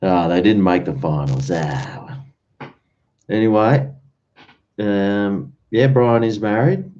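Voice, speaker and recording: Laid-back Australian man, low and mellow. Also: slow pace. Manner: rambling, easygoing, chuckles between thoughts. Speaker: livestream host. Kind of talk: casual late-night livestream chat. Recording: dull lo-fi stream audio.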